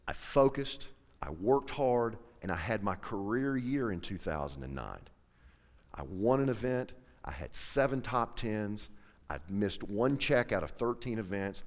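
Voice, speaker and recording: A man's voice: lowish voice, long reverb tail. A middle-aged man telling an emotional personal story to an audience, acting out the dialogue as he goes. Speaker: professional angler.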